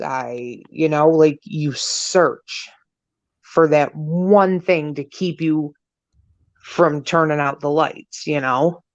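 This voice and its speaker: A woman's voice: sits low, slow, lo-fi sound. A young adult woman co-hosting a casual chat podcast, talking bluntly and swearing freely. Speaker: podcast co-host.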